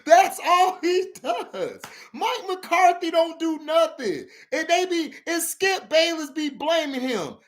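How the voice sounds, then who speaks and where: A man hosting a casual sports vlog, ranting animatedly about football, laughing often and shouting for emphasis. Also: extremely high pitch, expressive, slow pace.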